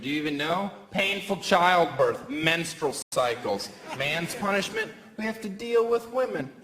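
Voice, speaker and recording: A man doing a stand-up comedy set on a club stage, talking animatedly and jumping into shrill put-on voices for his bits. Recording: roomy live club sound with crowd noise.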